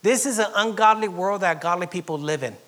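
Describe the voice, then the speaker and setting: Pastor, male, from Southern California; dynamic preaching with loud and near-whispered passages. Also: high voice, fairly quick. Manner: dynamic preaching, swinging from loud emphatic lines to soft near-whispers, with chuckles. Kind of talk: sermon.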